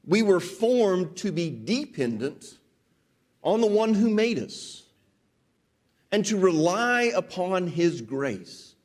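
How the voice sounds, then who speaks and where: A man preaching a sermon, expressive, acting out quoted people as he talks. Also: takes it slowly. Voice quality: animated, voices quoted people dramatically. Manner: expressive, rises and drops pitch for emphasis.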